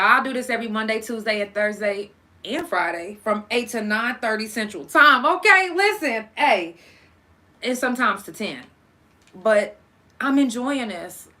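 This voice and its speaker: A young woman hosting a casual solo podcast, cursing freely and talking straight to her listeners. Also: a little high. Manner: profane, animated, talks to listeners directly. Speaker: podcast host.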